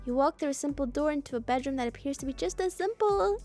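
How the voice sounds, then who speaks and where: A high-pitched woman reads a story game aloud to her viewers, switching between the narration and playful, expressive reactions of her own. She teases herself over her slips as she goes. A little music plays quietly behind her. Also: quick pace. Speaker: game streamer.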